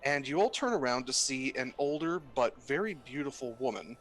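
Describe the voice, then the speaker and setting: A man narrating a tabletop game as game master, halting with many fillers. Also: medium pitch, animated, a bit bright.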